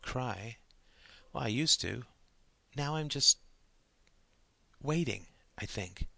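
A man voicing an awkward, probing teenage schoolboy in a storybook reading, halting and stammering. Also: mid-range voice, expressive, vocal fry, bright, forceful tone, no echo, pitched above the performer's own voice, exaggerated voice.

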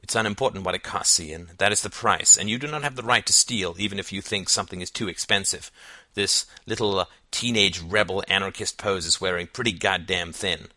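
A man's voice: low voice, brisk, pushed and bright, dry recording, exaggerated voice. A man voicing a middle-aged father in an audiobook, fatherly and lecturing. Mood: angry. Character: middle-aged father, music lover, stern. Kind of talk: audiobook character voice.

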